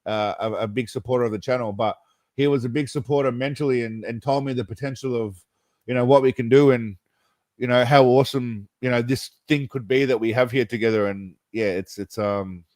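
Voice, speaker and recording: A man hosting a relaxed live chat with his viewers, meandering from thought to thought and chuckling as he goes. His voice sits in a middling register and is recorded close and dry, with no room echo. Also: medium pitch, brisk. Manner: rambling, laughs often, says mate and brother. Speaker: livestream host.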